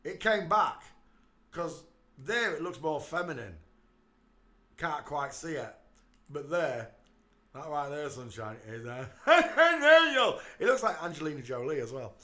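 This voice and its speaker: A man's voice: on the high side, animated, unhurried, pauses often, bright, forceful tone. A man hosting his channel, giving mocking commentary over photos and calling out to the viewer. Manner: jeering, talks to the viewer, breaks into laughter. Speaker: channel host.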